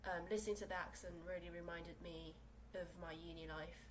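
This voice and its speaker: A woman's voice: fairly low pitch, fairly even intonation, brisk, slight background noise, low-quality recording. A young woman from South Korea who speaks English as a second language, hosting a casual solo podcast from her small room and rambling with lots of fillers and restarts. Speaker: podcast host.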